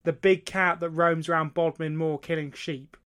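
Co-host: man from Devon, chatty storyteller, voice sits a bit high. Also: steady tone, normal speed, fairly bright tone. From Devon, England. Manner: chatty storyteller, swears casually. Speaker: podcast co-host. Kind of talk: casual chat.

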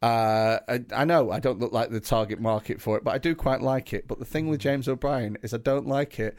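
A man's voice: medium pitch, fairly quick, darkish tone. A man co-hosting a comedy podcast, telling stories in a rambling way and checking in with "right?". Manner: rambling storyteller, lots of "right?". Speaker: podcast co-host. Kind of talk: casual comedy chat.

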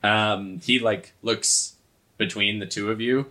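A man's voice: fairly low pitch, fairly even intonation, bright, forceful tone, rough recording. A man narrating as game master of a tabletop role-playing game, talking casually with many fillers. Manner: casual, halting, full of fillers.

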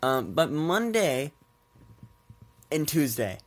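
Slow-talking man with a stuffy nose. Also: on the high side, big pitch swings. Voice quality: congested, nasal. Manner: rambling, laughs often, swears offhandedly. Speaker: podcast host. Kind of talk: solo casual podcast talk. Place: at home with his cats.

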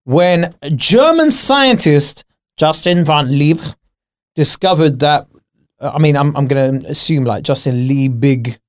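A man's voice: a little high, lively intonation, unhurried, no echo, clean studio sound. A man co-hosting a casual podcast, bantering with playful mock outrage and laughing often. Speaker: podcast co-host.

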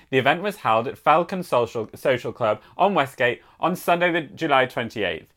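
A man's voice: mid-range voice, fairly bright tone. A man co-hosting a casual chat show, reading a local news story and chatting with lots of "like". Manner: chatty, says "like" often. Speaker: podcast co-host.

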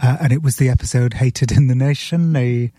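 Mellow, husky man telling a story. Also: medium pitch, fairly even intonation, brisk, dry recording, clean studio sound. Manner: earnest storyteller, retells scenes; sipping beer while talking. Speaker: author guest. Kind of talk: podcast conversation.

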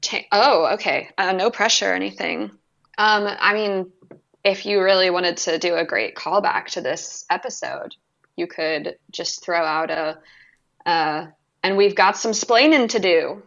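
A woman guest on a comedy podcast, speaking in a halting, easygoing way and repeating words. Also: fairly low pitch, steady tone, creaky, a bit bright, dull audio. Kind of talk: casual podcast chat.

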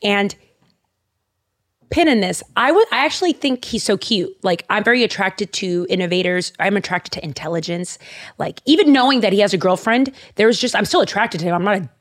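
A young woman co-hosting a podcast, telling stories in an animated, casual way, with frequent fillers and restarts. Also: medium pitch, a little fast. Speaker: podcast co-host. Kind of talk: casual chat.

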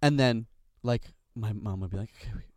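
A man from Canada, chatting casually and telling a story in an animated way, using "like" a lot. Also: fairly low pitch, moderate pace, clear, resonant tone, no echo. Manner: animated storyteller, heavy use of "like". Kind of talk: casual chat.

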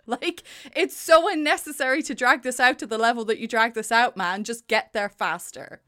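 A woman summing up a film with dry sarcasm, her voice somewhat high and bright. She slides into fast, exasperated rants about it. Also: clean tone. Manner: wry, sarcastic, quick rants. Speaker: podcast co-host. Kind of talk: casual film review chat.

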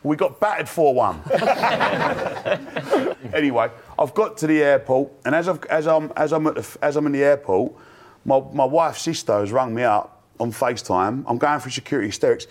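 Excitable man telling a wild story. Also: medium pitch, moderate pace. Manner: breathless, laughing anecdote with acted quotes. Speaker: fan panel guest. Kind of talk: animated storytelling.

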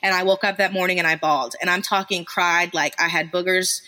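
Candid, bright-voiced woman guest. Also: on the low side, fairly even intonation, fairly quick. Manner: candid, self-deprecating, swears casually. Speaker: business founder, podcast guest. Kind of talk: casual interview storytelling.

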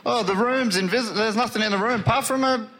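A man's voice: high voice, background noise. A man from Dudley, a comedian guest bantering self-deprecatingly on a live comedy podcast. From Dudley, England. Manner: self-deprecating, quick asides.

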